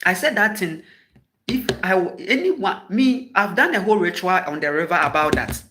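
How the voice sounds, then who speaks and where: A Ghanaian man giving an impassioned spoken address as a spiritual teacher, scolding and emphatic, hammering home points with repeated sharp rhetorical questions. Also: high voice, expressive, normal speed, a little hiss or hum.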